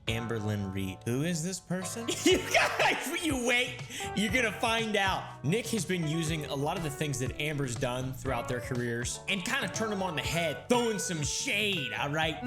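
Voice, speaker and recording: A man's voice: on the high side, sing-song, normal speed. Sarcastic man narrating over music. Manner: sarcastic, dramatic. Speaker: narrator of commentary video. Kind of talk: scripted commentary narration.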